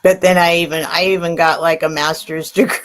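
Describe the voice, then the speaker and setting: Lower-voiced middle-aged woman rambling on her live sale stream, talks to chat. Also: flat delivery, a little fast, soft background music. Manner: rambling, restarts and trails off, reads and answers chat. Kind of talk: casual chat on a livestream.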